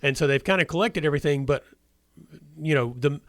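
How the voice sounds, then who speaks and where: A man's voice: a little high, fairly quick, fairly bright tone, no room sound, clean studio sound. A man hosting a casual sports radio talk show, rambling with many restarts and hesitations.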